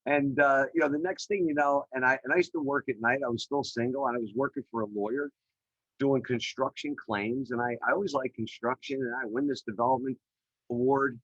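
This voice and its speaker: A middle-aged man tells his story over a video call, energetic and chatty, with his sentences full of "you know." His voice comes through dry and close, with a slightly muffled, narrow sound. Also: medium pitch, fairly quick, dry recording. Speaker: podcast guest, real estate developer. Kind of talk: animated storytelling in an interview. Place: remote call.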